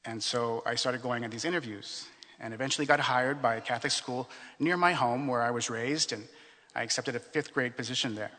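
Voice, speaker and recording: A man from California telling his life story in a reflective, earnest way, with many fillers and pauses. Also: mid-range voice, pushed and bright, big-room sound. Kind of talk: personal storytelling.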